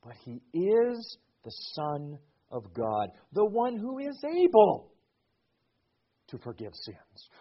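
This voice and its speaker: A man's voice: on the high side, slightly rough, dull audio. A man preaching a sermon. His cadence rises and falls, and he repeats words as he builds a point. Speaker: pastor.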